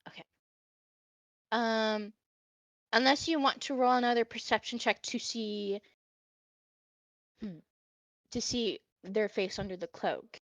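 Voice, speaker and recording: A woman's voice: fairly high pitch, takes it slowly, pauses often, no echo. A woman running a tabletop game. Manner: relaxed, with fillers and laughs. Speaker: game master.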